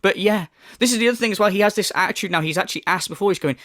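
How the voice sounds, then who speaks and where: A man's voice: sits high, very fast, a bit bright, no room sound, clean studio sound. A man doing a profane, mocking commentary rant. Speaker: commentary YouTuber. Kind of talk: ranting video commentary.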